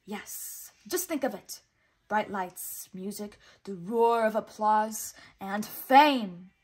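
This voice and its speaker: A woman voicing a sly, greedy male fox con man in a storybook, talking in a smooth, showy, wheedling way. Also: medium pitch, slow pace. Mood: coaxing.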